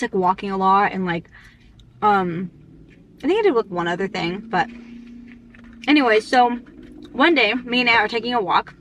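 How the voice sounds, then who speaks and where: Chatty young woman rambling fast. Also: a little high, a bit bright, a little hiss or hum. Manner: rambling and chatty, full of fillers; talks fast in a rush. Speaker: vlogger. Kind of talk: casual chat.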